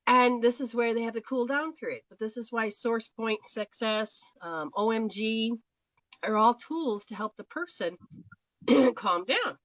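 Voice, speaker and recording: A woman's voice: fairly high pitch, unhurried, a bit bright, dry recording, low-quality recording. A woman from Australia giving live spiritual readings in a chatty, rambling way, laughing often. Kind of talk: live-stream talk.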